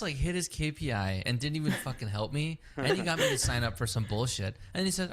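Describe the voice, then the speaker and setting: A man on a podcast telling a story about his day in a loose, chatty way. He curses a lot and slips into quick impressions of the people he met. His voice sits at an ordinary middle pitch. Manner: animated, profane, acts out both sides of the story. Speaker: podcast co-host. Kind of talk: casual storytelling chat.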